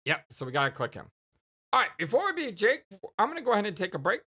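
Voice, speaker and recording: A woman hosting a let's play, reading the game text aloud and chatting with viewers. She is stuffy and congested, giggly, and signs off with warm, affectionate words. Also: mid-range voice, wildly swooping pitch, fast talker, husky.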